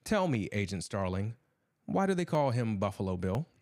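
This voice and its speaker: A man's voice: on the low side, very animated, moderate pace, a little mellow. A man voicing a menacing, cultured imprisoned killer who talks in a cold, sneering, cryptic way.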